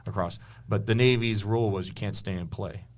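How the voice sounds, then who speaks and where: Low-voiced man telling stories. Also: steady tone, a little fast. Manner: eager storyteller, many restarts. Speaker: history teacher and author, interview guest. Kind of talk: casual conversational interview. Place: indoors with a podcast host.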